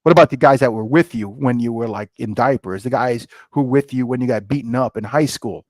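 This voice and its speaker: A middle-aged man telling stories in a casual interview, animated and acting out dialogue, often jumping up in pitch. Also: brisk, dry recording, low-quality recording. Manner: animated, jumps to high excited pitch when retelling; many fillers and restarts, acts out quoted dialogue. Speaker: guest, scotch brand founder.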